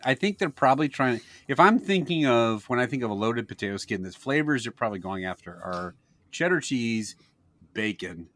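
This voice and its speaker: A man from Wisconsin, co-hosting a casual snack-tasting podcast and telling rambling, crude, comic stories. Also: dry recording. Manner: rambling storyteller, crude jokes, lively pitch. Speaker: podcast co-host, snack taster. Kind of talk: casual comedic chat.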